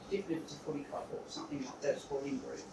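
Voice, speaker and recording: A woman's voice: low voice, steady tone, very fast. A woman in a workshop audience, speaking plainly and practically in broken-off phrases. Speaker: workshop participant. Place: meeting room, off-mic in the audience. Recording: distant, echoey room mic with noise.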